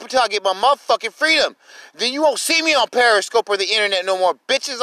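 A man in an angry, profane livestream rant, shouting and repeating himself, speaking into his phone. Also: extremely high pitch, quick pace, no room sound, low-quality recording. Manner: furious, profane, repetitive shouting.

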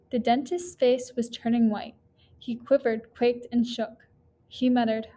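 A woman reading a children's rhyming poem aloud in a lively storytelling way. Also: a little high, measured pace, slight background noise. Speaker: reader.

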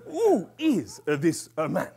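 A man doing a slow, drawling fake-French facilitator. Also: fairly high pitch, huge pitch swings, creaky, dark tone, slightly rough, voice pushed up, heavily acted. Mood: probing. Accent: exaggerated fake French. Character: calm male French seminar facilitator.

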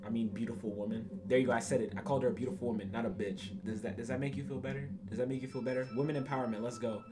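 A man's voice: mid-range voice, fairly even intonation, very fast, noisy background. A young man commenting on a game in a crude, rambling way, swearing often, repeating himself and laughing at his own jokes. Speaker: gaming YouTuber. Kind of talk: casual commentary reacting to a game.

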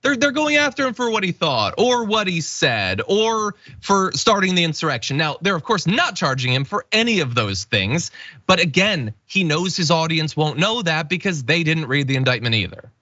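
A man's voice: a little high, very animated, moderate pace, pushed and bright, dry recording, highs cut off. A man hosting a political commentary show, sarcastic and emphatic. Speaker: news commentary host.

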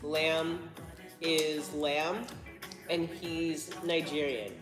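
A woman's voice: low voice, little pitch movement, drawn-out words, music in the background. American woman co-host, chatty, laughs a lot, reads comments, roomy echo. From United States. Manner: chatty, laughing, reading out chat. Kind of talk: casual mealtime chat reading viewer comments. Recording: roomy echoey room.

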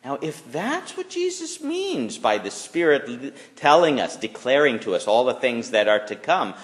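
A man's voice: medium pitch, normal speed. A male pastor gives a chapel sermon for young children. His voice leaps and dips expressively as he teases and acts out little scenes. The sound carries a long reverb from the chapel. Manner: animated, playful voices for the kids. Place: school chapel.

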